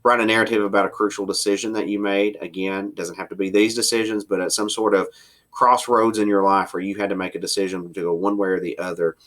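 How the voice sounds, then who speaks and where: A man teaching a writing class in a recorded lecture, explaining step by step, slowing down for emphasis and sometimes pausing on fillers. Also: lowish voice, level tone, a bit bright. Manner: explanatory, varies pace for emphasis, occasional fillers.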